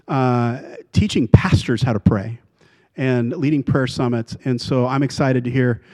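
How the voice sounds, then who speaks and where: A man, the pastor, earnestly introducing a guest preacher, with many filler pauses. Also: mid-range voice, mellow. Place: church.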